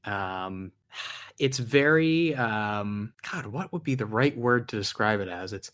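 A man's voice: fairly low pitch, animated, slow, a bit bright. Thoughtful man, podcast guest. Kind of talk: casual online discussion.

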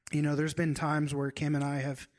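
A man preaching as a pastor, earnest and heartfelt, slowing down and growing hushed at times. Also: on the high side, monotone. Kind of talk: sermon.

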